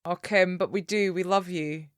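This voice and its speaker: A woman's voice: fairly low pitch, steady tone, moderate pace, a crowd in the background. A woman hosting a podcast, encouraging her guests and laughing often. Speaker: podcast host. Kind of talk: casual podcast chat.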